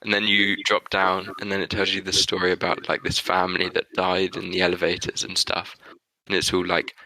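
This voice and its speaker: A man's voice: low-pitched, monotone, brisk, bright, forceful tone, dry recording, low-quality recording. A man co-hosting a podcast, laid-back and hesitant with many fillers in casual chat. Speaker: podcast co-host.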